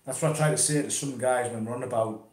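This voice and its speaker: An easygoing man chats loosely at a mid pitch, dropping the odd curse word. He sounds relaxed, as if talking at home. His voice rings in a hard, echoey room. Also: fast. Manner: chatty, laid-back, swears casually. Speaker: interviewee talking about pipe smoking. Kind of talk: casual chat. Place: conservatory at home.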